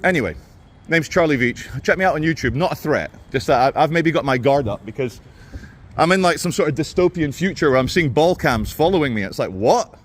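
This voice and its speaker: A man's voice: fairly high pitch, lively intonation, a little fast. A man vlogging while he walks outdoors by a waterfront, talking in a sardonic, rambling way into a handheld camera. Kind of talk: walking vlog commentary.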